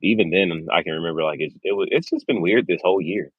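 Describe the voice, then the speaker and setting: A man's voice: low voice, fast, slightly rough, no room sound, phone-quality sound. A man as a guest on a casual remote interview, laid-back and hesitant, often repeating himself.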